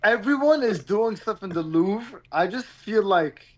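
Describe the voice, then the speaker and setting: A man's voice: sits high, lively intonation, measured pace. A man co-hosting a casual chat show from a bedroom over a video call, with a laid-back, rambling manner. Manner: laid-back and rambling, with filler-heavy restarts. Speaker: co-host. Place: a bedroom abroad.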